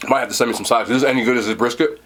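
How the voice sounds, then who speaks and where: Rapid-fire delivery marks this young New Jersey vlogger as he excitedly reviews food while chewing. His mid-range voice has fairly even intonation and a fairly bright tone.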